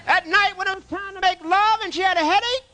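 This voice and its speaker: A man's voice: very high voice, fast, bright, forceful tone, a little hiss or hum. A man doing stand-up comedy on a club stage, firing brash one-liners and teasing the live audience. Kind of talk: stand-up comedy with crowd work.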